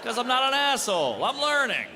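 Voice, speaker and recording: A man doing a stand-up routine on a club stage, delivering blunt, deadpan jokes and acting out quick bits of dialogue. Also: very high voice. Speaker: stand-up comedian. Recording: live club with audience noise and reverb. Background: laughing audience.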